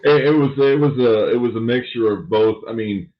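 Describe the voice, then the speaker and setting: A man's voice: medium pitch, fairly quick. A man co-hosting a casual sports podcast, laid-back and agreeable as he talks football. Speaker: podcast co-host, Cowboys fan. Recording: dull lo-fi sound.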